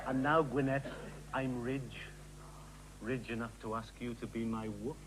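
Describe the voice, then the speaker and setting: A man's voice: mid-range voice, steady tone, unhurried, very noisy, lightly acted. A man playing a courting man who earnestly mangles his words, in a comedy sketch.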